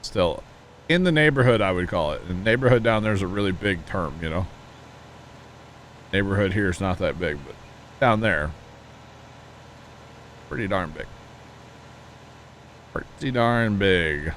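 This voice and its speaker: While streaming a farming game, a man keeps his viewers company with folksy tales and tangents. His low, expressive voice is a bit bright and moves at a moderate pace, pausing often, with slight background noise behind it.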